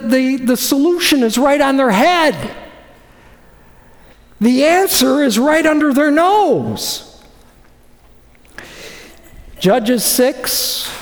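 A man preaching a sermon as pastor, animated and acting out quoted voices. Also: very high-pitched. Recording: reverberant hall.

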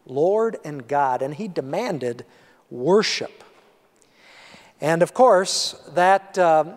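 Male pastor, unhurried, chatty and animated sermon, ringing church hall. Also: sits high. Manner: conversational, animated preaching with asides. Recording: long hall reverb.

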